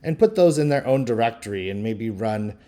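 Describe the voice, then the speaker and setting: A man teaching linguistics, talking through a screen-recorded software tutorial in a relaxed, thinking-aloud way with frequent ums. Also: fairly low pitch, a little fast. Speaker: linguistics instructor.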